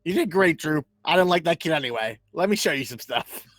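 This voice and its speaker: A man's voice: a little high, lively intonation, fairly quick, fairly bright tone, no room sound. A man playing his character in a tabletop game, brash and swearing. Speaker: player.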